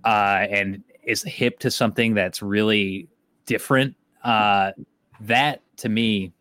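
A man's voice: fairly low pitch, steady tone, slow pace, fairly bright tone, no echo, studio quality. A middle-aged man from the Detroit area chatting casually as a podcast host, rambling and swearing offhandedly. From Detroit area, Michigan. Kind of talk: casual chat.

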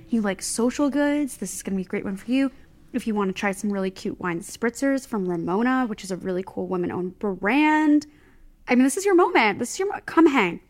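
A young woman co-hosts a casual podcast, reading announcements with quick jokes and asides. Her voice sits a little high for a woman, and she talks in a bubbly, playful way. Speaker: podcast co-host. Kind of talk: casual podcast chat and ad read.

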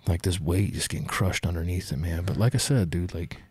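Low husky-voiced man, confessing haltingly. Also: a little mellow, no room sound. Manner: emotional, halting, says "man" and "dude" constantly. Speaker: guest. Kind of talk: candid confessional conversation.

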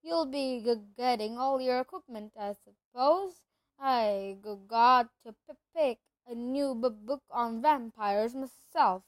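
A woman reading aloud, voicing a nervous, pale young male teacher who stammers and drags his words out slowly. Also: fairly high pitch, no echo. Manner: stammering, hesitant, slow.

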